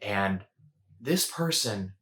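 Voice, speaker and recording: A man's voice: on the low side, animated, very slow, a bit bright. A man hosting a casual coaching talk, conversational and repetitive, often checking in with "right?". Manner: conversational, repeats words and rhetorical "right?". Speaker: host.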